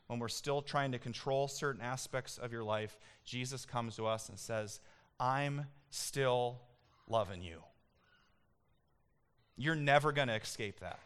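A man's voice: medium pitch, a bit bright, clear, resonant tone. A male pastor preaching a sermon in a church, speaking emphatically and building to impassioned peaks. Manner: emphatic, rising to impassioned peaks when voicing God.

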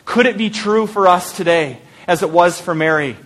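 High-voiced preacher telling an Easter story. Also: male voice, moderate pace. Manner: storytelling, drops to a hushed voice for intimate moments; lighthearted asides. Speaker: pastor. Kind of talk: Easter sermon.

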